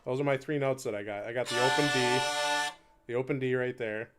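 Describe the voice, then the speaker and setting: Over loud music and a faint hurdy-gurdy drone, a man with a mid-range voice talks briskly with fairly even intonation. He's live-streaming his instrument practice, chatting and rambling to viewers, often laughing at his own expense, and counting beats aloud as he plays.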